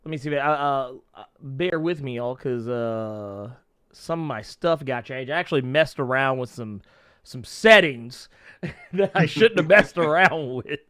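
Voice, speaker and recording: Animated, stammering male podcast host. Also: mid-range voice, unhurried, clean tone. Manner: rambling, stammering restarts, laughs often. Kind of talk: casual interview chat.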